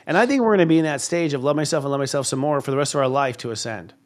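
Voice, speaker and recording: Male, 50s, talk-show host; candid, emphatic, slightly higher voice. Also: rapid-fire. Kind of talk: casual spiritual talk show chat.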